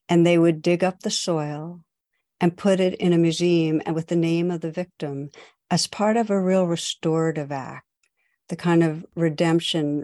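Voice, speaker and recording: A woman, a meditation teacher, giving a dharma talk in a gentle, unhurried storytelling manner. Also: low voice, no room sound, clean studio sound.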